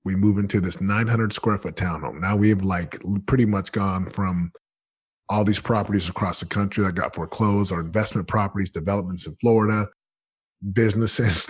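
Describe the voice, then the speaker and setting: A man in his thirties telling his story as a podcast guest, earnest and animated, often acting out what he said. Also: sits low, slightly rough, no room sound, clean studio sound. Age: 30s. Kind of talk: candid storytelling.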